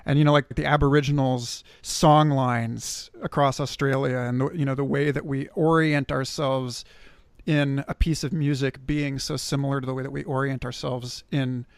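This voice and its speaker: A man's voice: medium pitch, little pitch movement, normal speed, gravelly, dry recording. A man hosting a podcast, asking a long, rambling, thoughtful question. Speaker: podcast host. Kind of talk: casual interview question.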